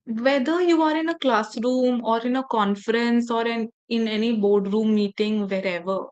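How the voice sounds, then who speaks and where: A woman trainer talks to a group of teachers in a slightly raised register. She speaks deliberately, with pointed pauses, and addresses her listeners directly with instructions. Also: on the high side, low-quality recording. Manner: measured and deliberate, with emphatic pauses. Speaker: faculty development trainer. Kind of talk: workshop talk to teachers.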